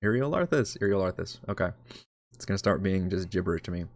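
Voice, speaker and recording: Low-voiced rambling game master. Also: male voice, flat delivery, fast talker, darkish tone, dry recording. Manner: rambling, self-correcting, laughs at himself. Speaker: dungeon master. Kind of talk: casual live-stream prep talk.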